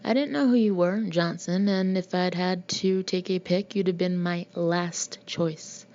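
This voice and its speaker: A blunt, harsh-talking Marine colonel in a storybook reading, as a woman reads him. The voice is mellow and low-key, and it comes through a dull, lo-fi recording. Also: fairly even intonation, a little slow, natural voice. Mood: gruff. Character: gruff middle-aged male Marine colonel, harsh and blunt.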